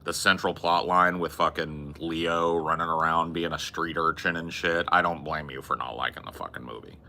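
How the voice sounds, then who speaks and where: A man's voice: extremely low pitch, steady tone, normal speed, pushed and bright, a little hiss or hum. A man hosting a podcast, rambling casually and bluntly with plenty of swearing. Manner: rambling, profane, blunt movie opinions. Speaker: podcast host. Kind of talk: casual chat.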